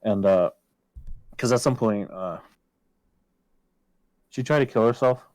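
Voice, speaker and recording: A man's voice: lowish voice, takes it slowly, dry recording, rough recording. A man telling a personal story in casual podcast chat, swearing often and acting out his own past lines. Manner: swears a lot, quotes himself loudly.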